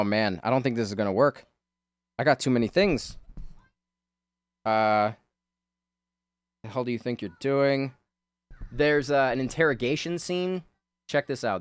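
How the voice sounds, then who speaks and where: A man's voice: medium pitch, fairly bright tone, dry recording. Rambling, chuckling man, dry close sound. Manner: rambling, self-mocking, laughs often, swears casually. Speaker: video host. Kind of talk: rambling casual chat while drawing.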